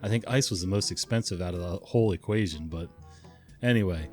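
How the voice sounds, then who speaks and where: A man's voice: low-pitched, a little fast, darkish tone, faint music behind. A man narrating stories in a casual, conversational way, often chuckling and wandering into asides. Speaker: storytelling channel host.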